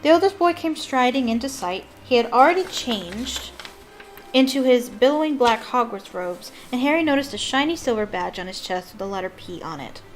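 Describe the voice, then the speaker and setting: A woman's voice: fairly high pitch, expressive, normal speed. A woman reading a novel aloud expressively, breaking off for chatty asides with ums.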